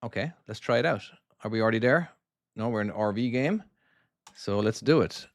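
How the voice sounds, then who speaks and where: A middle-aged man with a softened Irish accent, chatting to his live-stream audience while playing his own trucking game. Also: fairly low pitch, animated, fairly quick, dry recording. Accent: Irish, softened by years in the US. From Ireland. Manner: rambling and chatty, talking to chat while driving.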